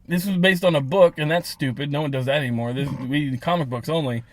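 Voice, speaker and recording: A man co-hosting a podcast in a casual chat, wry and rambling, getting loud when worked up. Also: fairly high pitch, fast talker, dry recording. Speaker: podcast co-host.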